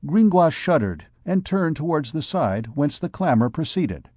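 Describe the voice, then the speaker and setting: A man reading a classic novel aloud as an audiobook narrator, measured and deliberate. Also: on the high side, very animated, darkish tone, breathy edge, dry recording, studio quality. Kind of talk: scripted narration.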